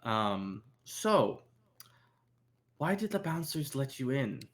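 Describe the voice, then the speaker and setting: A man's voice: medium pitch, very animated, takes it slowly, voice pushed up. A man, as game master, voicing a bold woman who owns a nightclub, with a knowing, teasing drawl. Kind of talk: voicing a character in a tabletop game.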